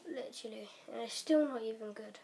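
Young woman gaming vlogger, high bright voice, chatty and rushed, slips into whispered asides. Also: creaky, a little hiss or hum. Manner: chatty and hurried, with fillers and quiet whispered asides. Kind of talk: casual game walkthrough. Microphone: camera mic.

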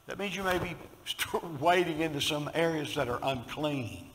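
A man with a Southern US accent preaching a sermon as pastor, swinging from loud emphasis to hushed storytelling and calling on the congregation to respond. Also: fairly high pitch, normal speed, slight background noise, low-quality recording.

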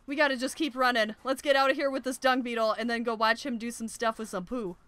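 Against a noisy background, a young gaming YouTuber gives quick-paced let's play commentary on a survival game, screaming in panic at threats and chatting casually otherwise. Her voice is on the high side with fairly even intonation.

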